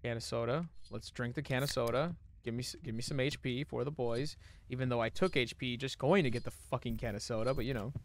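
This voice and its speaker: A young man streaming a horror game demo, swearing and reacting, shifting between low muttering and sudden yelling. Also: steady tone, brisk, a little hiss or hum. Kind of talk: live gaming commentary.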